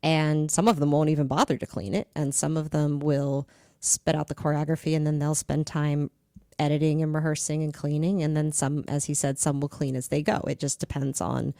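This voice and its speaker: A woman's voice: sits low, little pitch movement, a little fast, creaky, mellow, no room sound, clean studio sound. A middle-aged woman, a dance instructor, explaining with enthusiasm and everyday comparisons in casual conversation.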